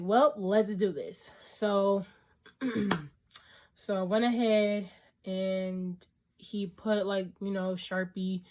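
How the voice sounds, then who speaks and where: A woman's voice: medium pitch, a little mellow. A young woman vlogger casually telling a story to her camera, rambling with lots of fillers and acting out what people said. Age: young adult. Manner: rambling, filler-heavy, acts out quoted dialogue.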